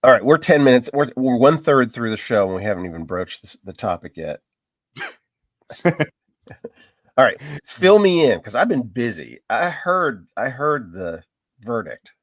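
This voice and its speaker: A man's voice: medium pitch, sing-song, a little slow, no echo, studio quality. A man co-hosting a casual political chat, easygoing and laughing along, still getting over an illness. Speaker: co-host.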